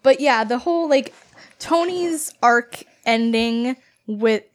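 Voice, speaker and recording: A woman's voice: fairly high pitch, takes it slowly. A woman chatting casually as a podcast co-host, laughing often and acting out quotes animatedly. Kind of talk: casual chat.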